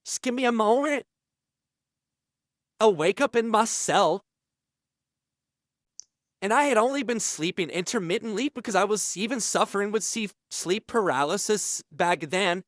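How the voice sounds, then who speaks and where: A man telling a deadpan comic prison story in a halting, stammering, self-pitying way. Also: high-pitched, no echo, clean studio sound. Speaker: parody interviewee.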